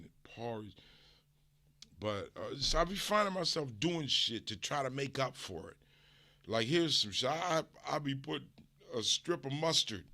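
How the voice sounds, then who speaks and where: A man from the US West Coast, a streamer host, delivering a casual, profane, animated comedic rant. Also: medium pitch.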